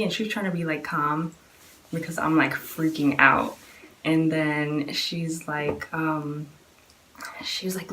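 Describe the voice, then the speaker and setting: A woman's voice: low-pitched, steady tone, takes it slowly, bright, forceful tone, a little hiss or hum. A woman in her twenties casually telling a personal story, chatty and full of fillers, acting out what others said. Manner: chatty, many fillers, acts out quoted voices.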